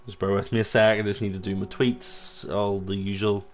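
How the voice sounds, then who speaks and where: A man's voice: on the low side, flat delivery, normal speed. A man, chatting casually to his viewers while live-streaming a video game. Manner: chatty, talks to viewers in chat.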